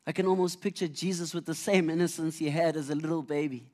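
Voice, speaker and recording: A man's voice: fairly high pitch, fairly even intonation, fast, a little mellow. A man preaching a conversational sermon, telling Bible stories earnestly with frequent restarts.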